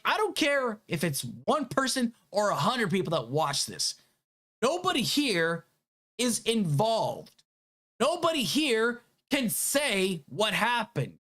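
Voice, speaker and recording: A woman's voice: medium pitch, fairly bright tone. A woman delivering an angry late-night rant to her viewers, heated and full of profanity, repeating herself when worked up. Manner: heated, profane, rapid outbursts. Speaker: vlogger.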